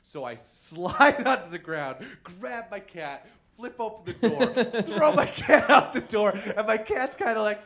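A man's voice: high voice, very animated, unhurried, hardly any pauses, a bit bright. A man doing comic storytelling on a podcast, laughing mid-sentence and acting out quotes with big jumps in voice. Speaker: comedian guest. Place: theater stage.

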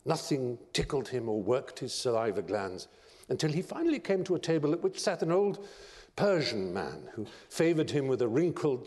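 A man giving a lecture, telling stories in an expressive, theatrical narrating style. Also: mid-range voice. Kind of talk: dramatic storytelling lecture. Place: large lecture hall. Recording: long reverb of a large lecture hall.

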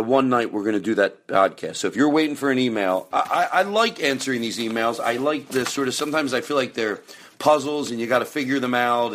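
A man hosting a podcast, rambling casually through plans and announcements, now and then erupting into loud profane rants. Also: mid-range voice. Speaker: podcast host.

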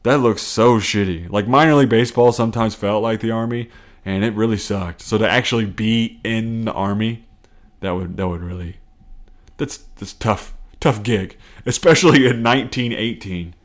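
A man with a lowish voice, speaking at normal speed, hosts a casual solo comedy podcast. He rambles, swears freely, pokes fun at himself, and laughs often.

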